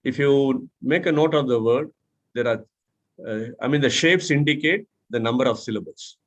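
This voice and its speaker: A man's voice: mid-range voice, moderate pace. A man from India mentoring a club audience on syllable stress, who spells out letters, repeats words and asks the room questions. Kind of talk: instructional talk.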